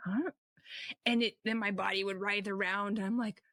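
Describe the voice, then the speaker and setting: A woman telling a personal testimony in a lively storytelling way, acting out what people said with sudden jumps up in pitch. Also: brisk, dry recording, clean studio sound. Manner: animated, acts out quotes with sudden high pitch jumps. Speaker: testimony speaker.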